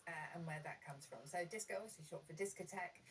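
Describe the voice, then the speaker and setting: Woman, lowish voice, chatty word-origin expert, heard a bit off-mic with faint hiss. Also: fast talker, far from the mic, rough recording. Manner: enthusiastic, explaining with many ums and uhs.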